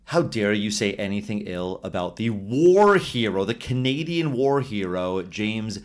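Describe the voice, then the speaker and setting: A man's voice: lowish voice, big pitch swings, measured pace. A man co-hosting a podcast, talking casually about a film and trading trivia in a dry, playfully argumentative way. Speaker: podcast co-host.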